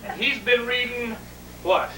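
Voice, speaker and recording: A man's voice: very high-pitched, fairly even intonation, a little slow. A middle-aged man, telling a family story in a colorful, folksy way and laughing as he goes. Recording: roomy, distant home video with faint noise.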